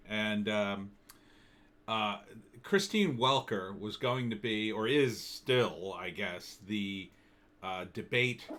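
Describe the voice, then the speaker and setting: A man's voice: medium pitch, sharp tone. A man giving an opinionated, sardonic commentary monologue in a loose, conversational way. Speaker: political commentator.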